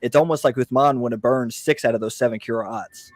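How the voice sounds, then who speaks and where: A man's voice: mid-range voice, brisk, dry recording. A male host in a call-in debate, pressing his argument and cutting in to challenge the caller.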